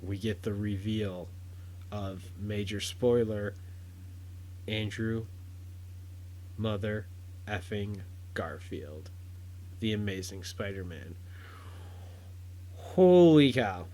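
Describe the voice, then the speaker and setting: A man hosting a podcast, giving a casual, rambling film review full of fillers and restarts that turns loud and excited at big moments. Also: on the low side, slow pace, pauses often, a little hiss or hum.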